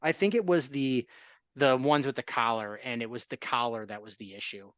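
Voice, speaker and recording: A man's voice: mid-range voice, moderate pace, fairly bright tone, no echo, lo-fi sound. A man hosting a sports podcast in casual chat, joking and chuckling. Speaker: podcast host.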